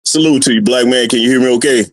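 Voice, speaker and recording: A man's voice: mid-range voice, fast, a crowd in the background. Lecturing male roundtable caller. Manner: lecturing, forceful. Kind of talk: live stream call-in.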